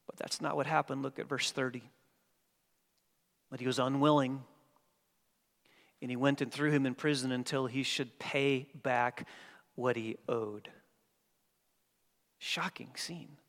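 A man preaching a sermon as pastor, dynamic, swinging from hushed passages to emphatic ones. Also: mid-range voice, fairly even intonation, unhurried, pauses often. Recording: long hall reverb.

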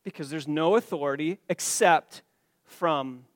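A man preaching an expository sermon to his church, stressing key words loudly and then dropping his voice low, with some stammering restarts. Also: a little slow, no room sound, studio quality. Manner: emphatic, rising to loud stresses then dropping quiet. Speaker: pastor.

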